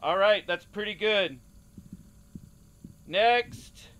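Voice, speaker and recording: A man's voice: high voice, fairly bright tone, a little hiss or hum. A man hosting a game play-through, joking as a mock casting director. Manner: slow, mock-official casting director bit. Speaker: gaming channel host.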